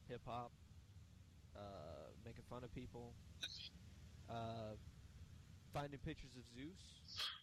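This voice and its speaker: A man talks through his podcast's weekly plugs in a loose, rambling way, peppered with uhs and ums. His voice sits at an ordinary middle pitch. A faint hiss runs under the recording. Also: animated, slow, pauses often. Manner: rambling, filler-heavy delivery. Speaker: podcast co-host. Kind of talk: casual podcast chat.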